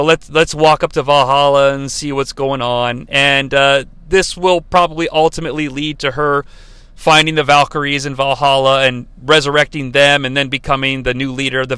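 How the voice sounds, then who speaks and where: A man's voice: fairly high pitch, sharp tone, clear, resonant tone, no room sound. A man hosting a podcast, ranting in a profane, sardonic way. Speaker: podcast host, film reviewer. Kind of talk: casual podcast rant.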